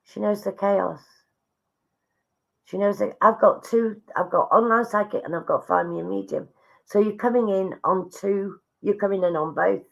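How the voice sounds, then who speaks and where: A woman's voice: medium pitch, moderate pace, gravelly. A woman giving live psychic readings to viewers online, chatty and affectionate, relaying messages she says come from spirits.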